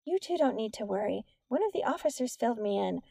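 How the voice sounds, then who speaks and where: A woman voicing a fussy, kindly female schoolteacher in a high, fluttery, solicitous tone. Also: sing-song, fast talker, creaky, warm tone, dry recording, clean studio sound, full character voice. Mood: concerned.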